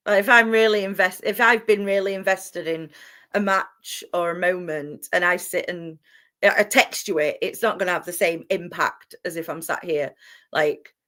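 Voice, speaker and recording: A young woman from England, an expressive and excitable wrestling announcer answering interview questions with frequent laughter. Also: on the low side, moderate pace.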